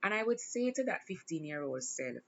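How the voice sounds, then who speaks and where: A woman's voice: lowish voice, big pitch swings, moderate pace, gravelly, a bit bright, highs cut off. A woman hosting her own show, talking in a casual, reflective monologue and smiling through emotion. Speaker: podcast host.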